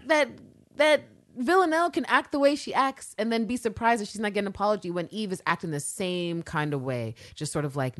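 A woman's voice: medium pitch, lively intonation, fairly quick, few pauses. A woman in casual TV review chat, animatedly acting out characters' lines and swearing freely. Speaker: podcast co-host.

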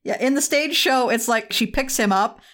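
A woman's voice: on the high side, normal speed, fairly bright tone. A woman in casual chat about a musical, wry and laughing as she quotes lines.

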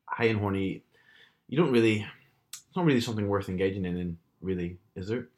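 Wry man, low voice. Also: a little fast, darkish tone. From Northern Ireland. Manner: wry storytelling, laughs often. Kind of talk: casual chat.

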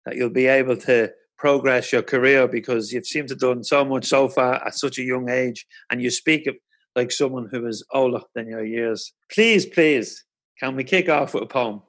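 A man with an ordinary mid-range voice hosts a relaxed interview. He asks his questions eagerly and often restarts his phrases as he talks. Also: medium pitch, moderate pace. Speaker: podcast host. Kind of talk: casual interview.

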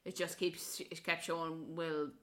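An Irish woman co-hosting a podcast, chatting in an animated, teasing way. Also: low-pitched. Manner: animated, teasing, quick to laugh. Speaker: podcast co-host. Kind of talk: casual chat.

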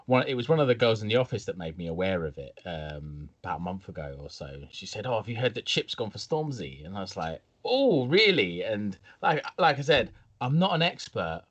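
A man's voice: lowish voice, big pitch swings, a little fast, fairly bright tone. A young man telling a story casually on a podcast, now and then putting on voices. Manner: laid-back storytelling, slips into mock voices. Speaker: podcast co-host.

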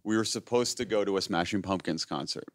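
With a deep voice and quick pace, a man in his late thirties hosts a podcast and spins a long, rambling story, laughing frequently and imitating the people in it. There's no room sound.

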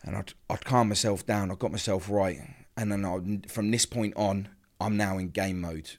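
A man appearing as a podcast guest tells an emotional personal story, vividly acting out other people's lines as he goes. His voice is lowish with fairly even intonation and a moderate pace.

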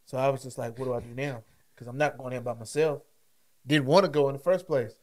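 A man's voice: medium pitch, fast talker. A man co-hosting a podcast, telling a story in casual, slangy chat and acting out what people said. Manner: animated, slangy storytelling with acted-out quotes. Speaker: podcast co-host.

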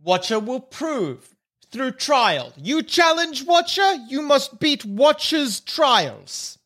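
A man voicing a pompous, boastful male kobold leader who speaks in slow, broken, self-important phrases. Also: extremely high pitch, very animated, sharp tone, pitched above the performer's own voice, heavily acted.

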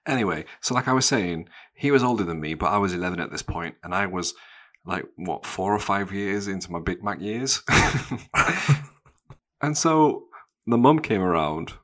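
A man's voice: low-pitched, animated, normal speed, fairly bright tone. A man telling a jokey anecdote in casual podcast chat. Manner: jokey storyteller, puts on voices in anecdotes.

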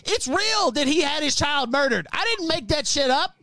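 High-voiced man ranting furiously. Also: expressive, normal speed, no room sound. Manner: profane, threatening, heated and loud. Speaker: livestream host. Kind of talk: angry livestream rant.

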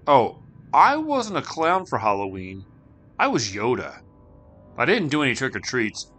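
A self-important older schoolboy who barks orders, then hedges awkwardly when pressed, as a male storyteller voices him. His voice is bright and lively, set a touch higher than an adult's. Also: measured pace, husky, faint music behind, heavily acted. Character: bossy older schoolboy crossing guard.

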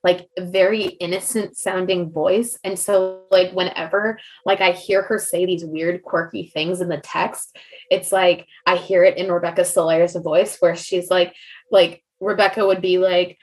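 A woman's voice: lowish voice, level tone, measured pace, rough recording. A woman co-hosting a podcast, chatting casually about a book and rambling with lots of "like" fillers. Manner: rambling, heavy use of "like" fillers. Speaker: podcast co-host. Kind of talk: casual book discussion chat.

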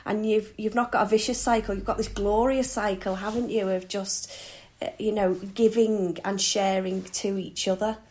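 A woman's voice: mid-range voice, level tone, moderate pace, few pauses, darkish tone. Hesitant woman guest full of fillers. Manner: hesitant, many fillers and tag questions. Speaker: podcast guest, reading charity founder. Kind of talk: conversational interview.

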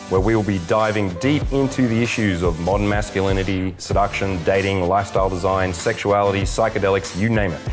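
A man reading a scripted podcast introduction in a slow, steady announcing manner. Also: fairly low pitch. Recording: distant voice over music bed.

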